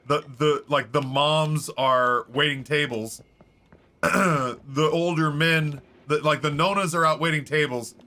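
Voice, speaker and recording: Brief: chatty male game streamer, bright voice, meandering anecdotes. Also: a little high, takes it slowly. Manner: rambling, animated storytelling with many fillers. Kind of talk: casual chat while streaming a game.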